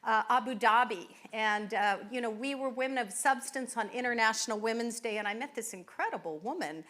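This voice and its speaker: A woman with a bright, fairly high voice hosts a live event on a microphone. She introduces guests one after another, offering effusive thanks and filling her pauses with "uh" and "you know.". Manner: warm effusive thanks with fillers. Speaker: event host. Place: winery event venue.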